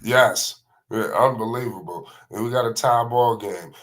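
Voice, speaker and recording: A man calling basketball play by play on a livestream, excitable and slangy, naming every pass. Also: medium pitch, moderate pace. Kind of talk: live play-by-play commentary.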